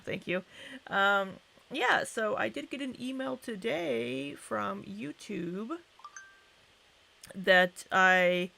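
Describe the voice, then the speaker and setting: A woman's voice: mid-range voice, creaky, fairly bright tone. A young woman hosting a casual livestream, chatting and greeting viewers by name. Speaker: livestream host.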